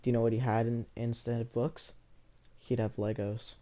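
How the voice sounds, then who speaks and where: A man casually telling a story from his school days, rambling, with many restarts, often in a soft, low-key voice. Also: flat delivery, moderate pace.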